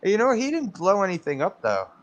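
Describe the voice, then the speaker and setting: A man's voice: high voice, huge pitch swings, a little fast, muffled recording, over a noisy crowd. A man co-hosting a casual podcast, talking bluntly about a slasher movie and swearing often. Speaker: podcast co-host. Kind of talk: casual crude movie chat.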